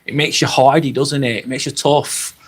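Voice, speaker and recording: A man's voice: medium pitch, level tone, moderate pace, breathy edge. A man with a Lancashire accent from Northwest England, hosting a live stream and chatting casually with his viewers, swearing freely. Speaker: livestream host. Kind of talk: live stream chat reading.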